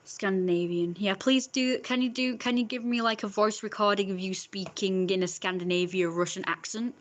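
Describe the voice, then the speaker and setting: A woman's voice: medium pitch, fairly even intonation, normal speed. A woman, chatting casually with her viewers in a rambling way, full of fillers and restarts. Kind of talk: casual chat.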